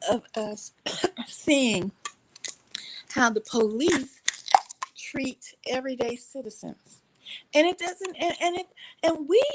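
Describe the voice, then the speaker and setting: A Texas woman sits on her couch at home telling a story in casual chat, animated and laughing as she playfully shifts her voice. Her voice is on the low side, and the recording is rough.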